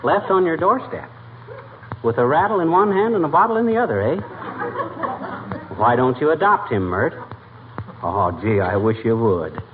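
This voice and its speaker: An actor playing a boastful, bumbling husband in a 1940s radio comedy, excitable and blustering. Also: male voice, on the high side, moderate pace, pauses often. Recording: tinny hissy 1940s radio broadcast.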